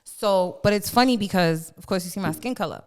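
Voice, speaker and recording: Woman co-host, middle-aged, blunt, swears freely, storytelling, mid-range pitch. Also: a little fast, smooth. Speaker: podcast co-host. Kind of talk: casual podcast chat.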